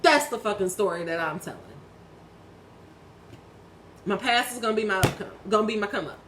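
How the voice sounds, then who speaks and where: Speaking briskly in a mid-range voice, a woman in her thirties reads tarot and delivers a blunt, preachy spiritual pep talk aimed right at the listener, cursing freely along the way. Background noise is audible.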